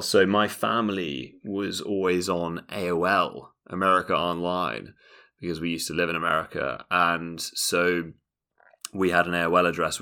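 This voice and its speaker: A man's voice: sits low, sharp tone. A man co-hosting a podcast in casual comedic chat, playful and jokey. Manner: playful, jokey, puts on silly voices. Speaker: podcast co-host.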